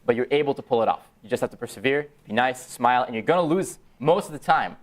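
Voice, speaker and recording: A young man in his twenties, a startup founder speaking to university students, telling a personal story in an animated way and acting out the dialogue with excited jumps in his voice. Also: medium pitch, quick pace. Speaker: startup founder giving a talk. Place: university event room, audience present.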